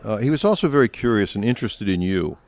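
An older man, a biographer, answering interview questions in an anecdotal, relaxed way and now and then mimicking quoted voices. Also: lowish voice, fast talker. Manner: anecdotal, slips into quoted voices while telling stories.

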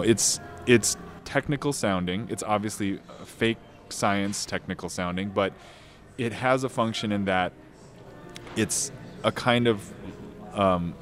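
A man being interviewed about his novel, answering thoughtfully with lots of pauses, restarts and fillers. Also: lowish voice. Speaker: novelist guest.

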